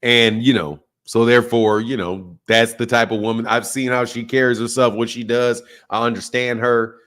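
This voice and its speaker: A man's voice: mid-range voice, steady tone, moderate pace, a bit bright. A man from the United States hosting a boxing channel, chatting casually on a live stream, boastful and joking, swearing freely.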